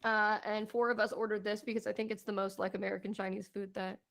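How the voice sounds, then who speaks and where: A woman's voice: mid-range voice, level tone, quick pace, creaky, a bit bright. A young woman co-hosting a podcast, chatting casually about a trip, laughing often and acting out what people said. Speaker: podcast co-host.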